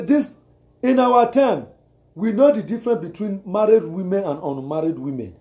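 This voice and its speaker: A man's voice: on the high side, dark tone, roomy sound. A man with a Nigerian accent giving repetitive, exhortative advice and often asking listeners whether they understand. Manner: repetitive, exhortative, with rhetorical questions. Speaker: advice speaker. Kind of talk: preachy advice talk.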